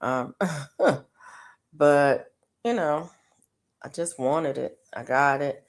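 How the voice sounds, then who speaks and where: A middle-aged woman with a low, creaky voice chats to live viewers while she crochets. She rambles with plenty of ums and laughs often. Her tone is loose and conversational. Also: drawn-out words. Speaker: live stream host. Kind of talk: casual chat to live viewers.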